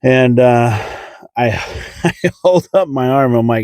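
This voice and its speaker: A young man telling a self-mocking comic story, acting out the voices of others with sudden jumps in pitch. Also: a little slow, darkish tone, no echo, studio quality. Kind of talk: comedic storytelling.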